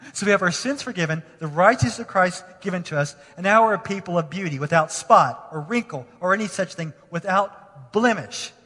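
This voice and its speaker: A man preaching a sermon as pastor in a church, passionate and moving between hushed lines and emphatic ones. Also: sits high, lively intonation, a little fast. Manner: impassioned, swinging from hushed to emphatic. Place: church sanctuary. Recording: long reverb of a large hall.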